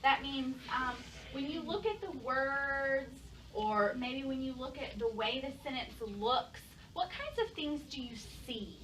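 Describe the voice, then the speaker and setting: A woman's voice: sits high, expressive, a little slow, few pauses, fairly bright tone. A young adult woman teacher, leading a lesson for young pupils, praising answers and asking many questions. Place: classroom. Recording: distant mic, noisy classroom.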